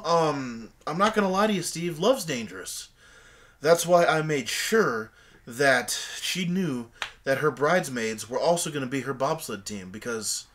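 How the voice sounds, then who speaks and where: A young man acting a clueless, tactless guest in a comedy sketch, rambling through absurd stories with halting fillers. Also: a little high, fairly bright tone. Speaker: bizarre guest in a comedy skit.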